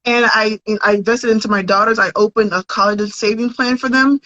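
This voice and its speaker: A woman's voice: fairly high pitch, steady tone, fairly quick, pushed and bright, no echo. A woman who grew up in America, a podcast guest talking about her life in an earnest, conversational way. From United States. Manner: earnest, conversational, with false starts. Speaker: podcast guest, content creator. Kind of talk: casual interview chat. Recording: dull, dry audio.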